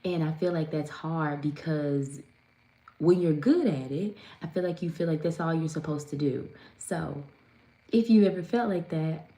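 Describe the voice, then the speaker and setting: A woman's voice: deep voice, a little slow, mellow. A woman, chatting casually with viewers on a live stream from home and greeting them by name. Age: 30s. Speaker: lifestyle vlogger and host. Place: at home, indoors. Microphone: phone on a tripod. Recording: roomy echo with faint ambience.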